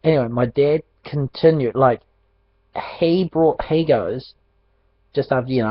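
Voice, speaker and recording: A man telling a personal faith testimony in an animated storytelling way, laughing often. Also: medium pitch, moderate pace, no echo. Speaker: ministry speaker. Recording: dull dry lo-fi recording.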